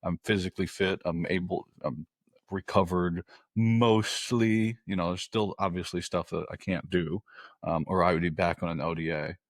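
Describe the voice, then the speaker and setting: Deep-voiced blunt man, dry sound. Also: fairly even intonation, moderate pace, no room sound. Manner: blunt and profane, loose and joking. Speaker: podcast host. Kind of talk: casual interview chat.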